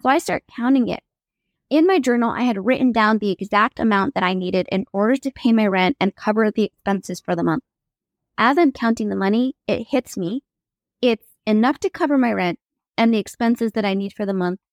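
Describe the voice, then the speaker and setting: A young adult woman, a podcast guest, telling a personal faith story with lively acted-out quotes. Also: mid-range voice, brisk, dry recording, studio quality. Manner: animated, acts out quoted voices.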